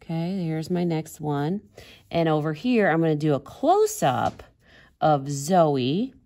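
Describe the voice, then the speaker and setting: A woman's voice: deep voice, expressive, takes it slowly, warm tone. A woman art teacher giving a casual drawing demonstration, chatty and giggling at her own jokes.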